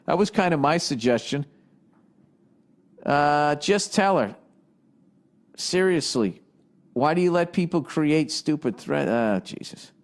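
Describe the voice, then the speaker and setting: A man's voice: on the high side, lively intonation, takes it slowly, long pauses. A man hosting a podcast, reading listener questions aloud and riffing on them in a profane, exasperated comedic rant. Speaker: podcast host. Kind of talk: ranting comedic monologue.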